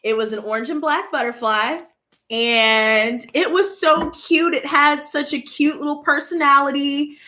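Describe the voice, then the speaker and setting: A woman tarot reader chatting casually to her viewers, telling an animated story and addressing them directly. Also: sits high, a little slow.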